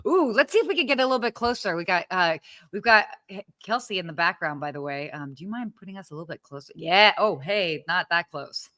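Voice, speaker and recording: A woman co-hosts a casual live-stream podcast from her home apartment, bubbly and exclamatory with plenty of fillers. Her lowish voice is expressive, fairly quick, bright and forceful, recorded with no echo.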